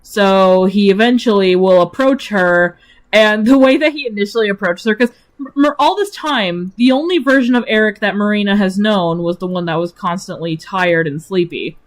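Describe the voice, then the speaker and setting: A woman's voice: mid-range voice, moderate pace. A woman streamer chatting casually about her own characters, rambling with lots of fillers and giggling often.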